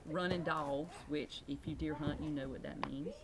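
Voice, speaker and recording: A young woman with an Eastern Shore Virginia accent, telling animated stories in a casual interview. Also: sits low, moderate pace, noisy background. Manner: animated, mimics voices in anecdotes. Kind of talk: casual storytelling.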